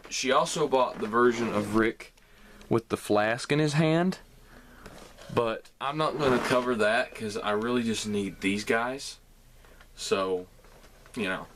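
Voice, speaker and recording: A man's voice: lowish voice, a bit bright, slight background noise. A young man with a Southern American accent chatting casually to viewers about his holiday toy haul, rambling and friendly. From Southern United States. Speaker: collectibles vlogger.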